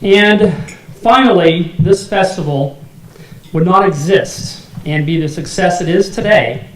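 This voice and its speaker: A man's voice: sits high, measured pace. A man acting as emcee at an awards dinner, reading thanks and an introduction and joking in little asides. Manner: jokey, laughs at own asides. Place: banquet hall. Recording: echoey hall, faint noise.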